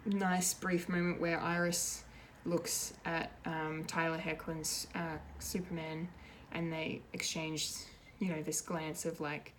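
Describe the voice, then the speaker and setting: Rambling woman recapping a TV episode, lowish voice. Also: slow pace, hardly any pauses, slight background noise. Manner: rambling and excitable, many fillers and restarts. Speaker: pop culture reviewer, show regular.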